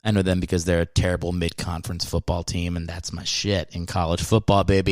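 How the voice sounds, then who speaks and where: A man's voice: low-pitched, fairly quick, few pauses, no echo, studio quality. Rambling, profane male podcast host. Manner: rambling, profane, self-mocking. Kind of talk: casual podcast monologue.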